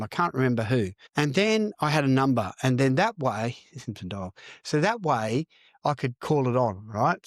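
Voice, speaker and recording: A middle-aged Australian man, a recovering addict and counsellor, tells his story as a podcast guest in a candid interview, blunt and sweary, calling people "mate." His voice is mid-range, captured in a clean studio with no room sound.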